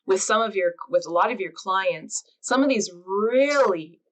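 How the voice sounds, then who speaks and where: A woman's voice: mid-range voice, animated, a little slow, low-quality recording. A woman hosting a podcast, talking casually in long, chatty run-on sentences. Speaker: podcast host.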